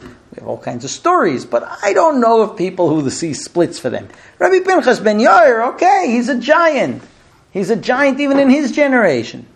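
A man teaches a Talmud class in an animated way, playing out exchanges between people to make his points. His pitch is lively and swings widely, rising high when he gets worked up and dropping low and quiet as he sums up. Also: moderate pace, gravelly. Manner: animated, acts out dialogues.

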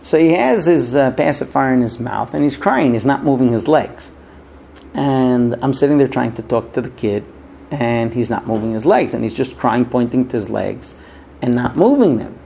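Gravelly man telling a sermon story. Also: medium pitch, animated, dark tone, a little hiss or hum. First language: not English. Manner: halting restarts, storytelling, acts out quoted voices. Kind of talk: informal sermon with stories.

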